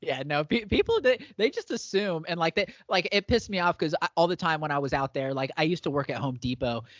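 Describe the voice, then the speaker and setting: A man's voice: a little high, expressive, a little fast, dry recording. A man hosting a podcast, talking casually in a chatty, filler-heavy way and laughing easily. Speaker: podcast host. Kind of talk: casual chat. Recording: dry, slightly dull podcast audio.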